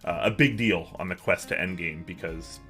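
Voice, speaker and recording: Chatty deep-voiced male streamer. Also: normal speed, bright, forceful tone, faint music behind. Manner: chatty, reads and answers chat messages. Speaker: livestream host. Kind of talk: casual livestream chat. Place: home office.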